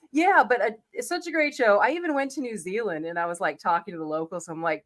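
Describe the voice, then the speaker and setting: A woman in her forties, sick and hoarse, chatting casually as co-host of a reaction show, swearing freely and laughing often. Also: on the high side, animated, normal speed, a bit bright. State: sick, losing her voice, coughing.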